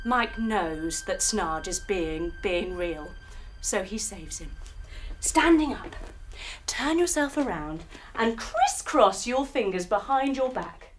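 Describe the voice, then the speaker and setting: A woman teacher telling a children's story while leading a yoga lesson, animated and using sound effects. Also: mid-range voice, takes it slowly, faint music behind.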